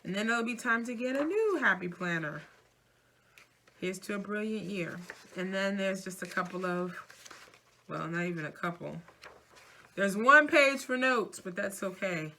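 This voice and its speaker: Bright, chatty New York-born woman. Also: mid-range voice, measured pace, pauses often, slight background noise. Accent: mixed New York, Midwest, Southern and Louisiana. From New York City. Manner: chatty and animated, laughing easily. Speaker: vlogger and minister. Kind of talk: casual planner flip-through chat.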